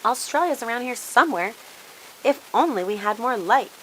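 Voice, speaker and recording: A jolly, kindly old Santa from a children's storybook, as a woman reads him aloud. The tone is bright and clear. A faint hiss sits under the reading. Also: a little high, animated, moderate pace, rough recording.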